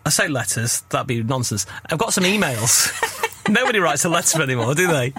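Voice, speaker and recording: A man's voice: a little high, big pitch swings, brisk, very noisy. A man in his thirties co-hosting a casual podcast, chatty and joking, often stumbling and restarting his sentences. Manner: chatty, stammering restarts, jokey. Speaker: podcast co-host and radio presenter.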